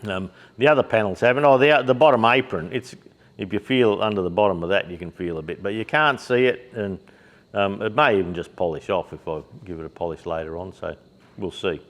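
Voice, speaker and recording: A man's voice: fairly low pitch, brisk. A middle-aged Australian man, a shop owner, chatting casually to camera in his workshop shed, rambling and blokey with plenty of fillers and the odd swear word. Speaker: shop owner and YouTube host.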